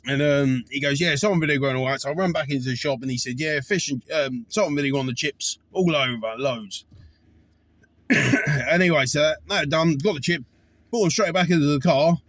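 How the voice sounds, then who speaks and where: A man's voice: fairly high pitch, fairly quick, fairly bright tone, no echo. A man, a taxi driver telling rambling stories about his fares, full of fillers and restarts. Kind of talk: casual storytelling to camera.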